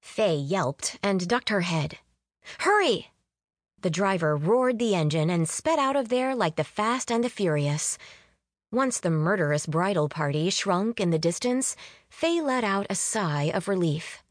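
A woman reading a story aloud as an audiobook narrator, with expressive delivery. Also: fairly low pitch, unhurried, no room sound, clean studio sound. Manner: expressive reading, voices characters with lively lift. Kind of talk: scripted narration.

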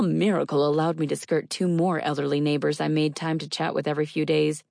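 Low, gravelly woman narrating a novel. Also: flat delivery, brisk, hardly any pauses, a little mellow, no echo, clean studio sound. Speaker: audiobook narrator. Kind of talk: first-person novel narration.

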